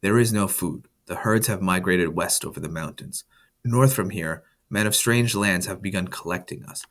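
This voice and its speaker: A man's voice: sits low, normal speed, lightly acted. A man reading as a stern tribal father. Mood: grave. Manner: firm, commanding. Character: stern male tribal father giving orders.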